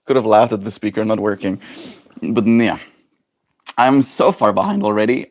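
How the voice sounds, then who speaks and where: A young man with a lowish voice livestreams at a moderate pace, chatting casually with his viewers. It's a rambling, reflective daily stream chat in which he talks to the chat.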